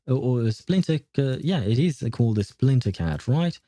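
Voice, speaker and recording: A man streaming a game, chatting casually, laughing often and filling pauses with hesitant "uh"s. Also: mid-range voice, very animated, dark tone, no room sound. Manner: reads and answers chat aloud. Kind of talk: casual live-stream chat while playing.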